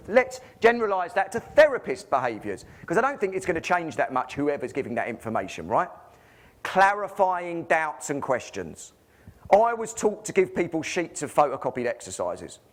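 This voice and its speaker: A man with an English accent giving a conference presentation as a physiotherapist, full of rhetorical questions and jokey asides. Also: fairly high pitch.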